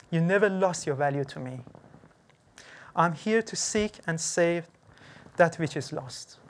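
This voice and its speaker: An earnest, gently pleading preacher giving a church sermon and leading a closing prayer. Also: mid-range voice. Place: church service.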